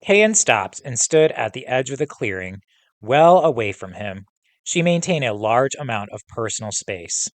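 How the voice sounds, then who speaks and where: A male teacher reading a novel aloud to students, pausing to pose comprehension questions in a steady, instructive way. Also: medium pitch, dry recording.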